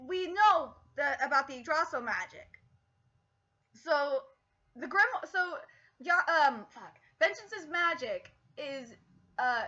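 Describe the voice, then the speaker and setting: Excitable high-voiced woman streamer. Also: highs cut off. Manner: excitable, swears freely, many fillers. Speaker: manga reaction streamer. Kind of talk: live reaction commentary.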